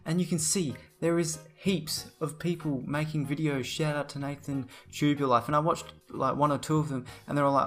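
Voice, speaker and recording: A man's voice: fairly high pitch, steady tone, moderate pace, few pauses, fairly bright tone, soft background music. A young man rants to camera in a blunt, profane, rambling way. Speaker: vlogger. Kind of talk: casual ranting to camera.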